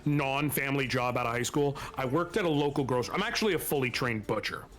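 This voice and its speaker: A man's voice: medium pitch, quick pace, a bit bright. A man in his thirties co-hosting a stream, telling emphatic, casual anecdotes with some swearing and speaking straight to the audience. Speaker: stream co-host.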